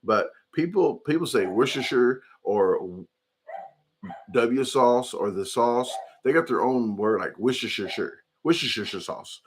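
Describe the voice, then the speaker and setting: Brief: male streamer, mid-pitched, loose rambling chat with viewers. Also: expressive, takes it slowly, slight background noise. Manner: rambling, chatty, reads chat comments aloud. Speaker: livestream host. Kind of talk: casual livestream chat.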